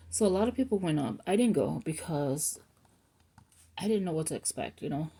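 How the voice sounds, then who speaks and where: A woman's voice: low-pitched, lively intonation, moderate pace, creaky, warm tone, breathy edge. A middle-aged woman chatting at home in a loose, rambling way, often losing her thread and circling back. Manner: rambling, self-interrupting, chatty. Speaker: planner vlogger. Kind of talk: casual rambling chat.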